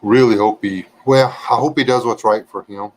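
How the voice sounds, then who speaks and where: A man's voice: on the low side, steady tone, normal speed, slight background noise, poor audio. Folksy joking man chatting with viewers. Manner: folksy, joking, reading chat aloud. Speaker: livestream host chatting with viewers. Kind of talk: casual livestream chat.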